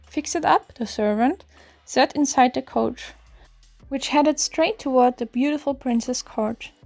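A woman reads an old fairy tale aloud in a gentle, even storybook manner. Her voice sits high and clear, with soft music playing faintly behind her.

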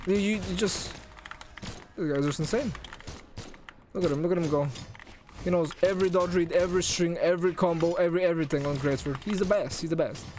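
A young man with a non-native English accent, streaming live gameplay commentary, excitable and swinging between groans and shouts. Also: high voice, a little fast, long pauses, a little hiss or hum.

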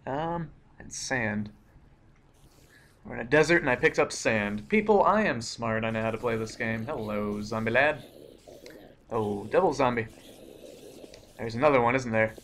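A young man giving live commentary while playing a game, excitable, cursing often and breaking into startled outbursts. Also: medium pitch, measured pace, long pauses, a little hiss or hum. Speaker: let's play gamer.

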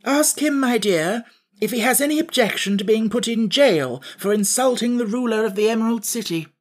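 A man's voice: very high-pitched, lively intonation, moderate pace, pitched above the performer's own voice. Man voicing a pompous Scarecrow king. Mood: haughty. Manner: grand, lecturing, easily flustered. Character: pompous straw-stuffed king, vain and touchy. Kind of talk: audiobook character voice.

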